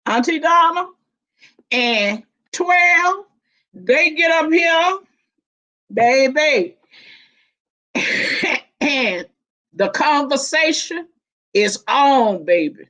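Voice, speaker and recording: A woman chatting casually on a live stream panel, animated and laughing often, with colloquial slang. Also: high voice, very slow, pauses often. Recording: dull lo-fi stream audio.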